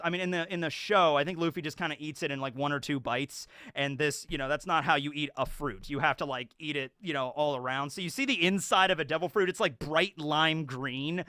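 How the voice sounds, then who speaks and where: A man talks through a show episode in a loose, chatty ramble, full of fillers and restarts. His voice is a touch high, bright and crisply clear. The recording is dry with no room sound. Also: no room sound. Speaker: YouTube show reviewer. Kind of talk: casual episode breakdown.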